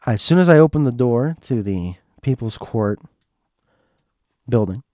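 A man hosting a podcast, telling a casual anecdote in a rambling, animated way and jumping higher when he quotes himself. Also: measured pace, dry recording, clean studio sound. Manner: animated, rises in pitch when quoting himself; rambling, with many fillers. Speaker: podcast host.

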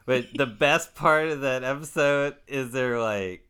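A man co-hosting a casual podcast chat, retelling favorite comedy scenes with lively energy and laughter. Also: mid-range voice, a little slow, smooth. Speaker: podcast co-host.

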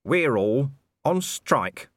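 A man voicing a cocky, scruffy male watchman leading a strike, speaking calmly and cheekily. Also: on the high side, moderate pace, dry recording, clean studio sound, pitched above the performer's own voice. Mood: cheeky. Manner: calm and cheeky.

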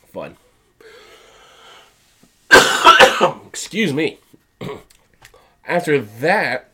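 A man's voice: medium pitch, sharp tone. A man co-hosting a casual podcast with a stuffy head cold, recapping the week loosely and mockingly. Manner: casual rambling recap, quick mocking paraphrase of wrestlers. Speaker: podcast co-host.

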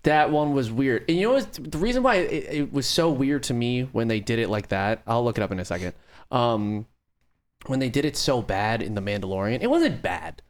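A man co-hosting a casual podcast chat, animated, swearing freely and acting out what others said. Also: medium pitch, moderate pace.

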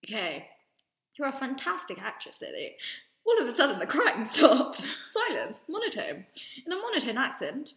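A woman's voice: a little high, huge pitch swings, moderate pace, a bit bright, roomy sound. A woman co-hosting a podcast, telling a story in a casual chat with lots of laughter. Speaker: podcast co-host.

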